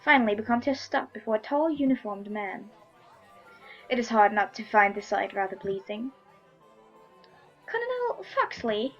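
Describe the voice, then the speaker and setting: A woman's voice: mid-range voice, fairly even intonation, fairly quick, dull audio, faint music behind. A woman reading a story game aloud in a casual let's-play, giggly and self-mocking, with some swearing.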